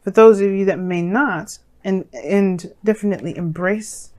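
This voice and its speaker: A woman giving a casual tarot reading to her viewers, rambling and sassy with lots of fillers, her voice a little hoarse and croaky. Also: mid-range voice, moderate pace, darkish tone. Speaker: tarot reader.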